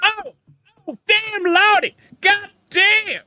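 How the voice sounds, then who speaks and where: A man putting on the voice of an exasperated, indignant woman with a high squealing falsetto, for a comedy bit. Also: slow pace, pushed and bright, heavily acted.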